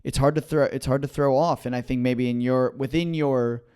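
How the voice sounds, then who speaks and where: A young man with a mid-pitched voice co-hosts a casual podcast. He listens closely, then works through an idea aloud with stumbles and restarts. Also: fairly even intonation, dark tone, clean tone. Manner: attentive listener, short affirmations, halting restarts. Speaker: podcast co-host. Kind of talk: casual chat.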